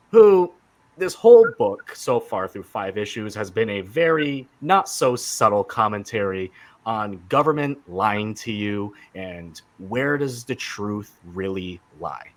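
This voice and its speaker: Low-voiced enthusiastic man. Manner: enthusiastic, rambling, many fillers and restarts. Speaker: podcast host. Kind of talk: casual podcast chat.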